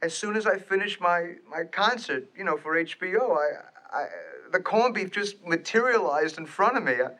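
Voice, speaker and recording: A man playing himself in a deadpan hospital comedy sketch. He speaks in a halting, weary way and stammers often. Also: high voice.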